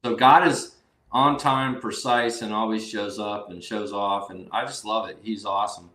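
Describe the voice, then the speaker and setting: A man's voice: lowish voice, fairly even intonation, moderate pace, sharp tone. A man hosting a faith interview show, eagerly sharing his own testimony in casual chat. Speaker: podcast host. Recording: roomy echoing room.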